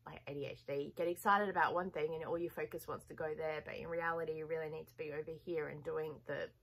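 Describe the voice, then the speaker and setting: A woman's voice: deep voice, fairly even intonation, fast, a bit bright, low-quality recording. A woman vlogging to her viewers in a casual, rambling chat, laughing often as she talks. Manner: chatty, rambling, with frequent laughs.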